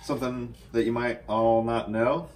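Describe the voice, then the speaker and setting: A man as a guest on a casual whiskey chat, relaxed with short answers. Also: medium pitch, normal speed. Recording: distant mic, faint noise.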